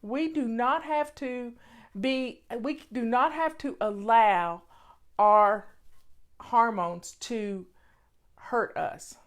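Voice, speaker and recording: A woman with a slightly high voice speaks slowly and earnestly to her viewers from home. She chats casually over a cup of tea and drives home her points by repeating them. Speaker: vlogger. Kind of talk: casual talk to camera.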